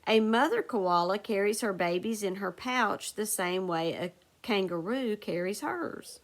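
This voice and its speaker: This is a woman teaching phonics in a recorded video lesson. Her voice sits at an ordinary middle pitch, and she speaks slowly and carefully. She dictates sentences deliberately and spells words out one letter at a time.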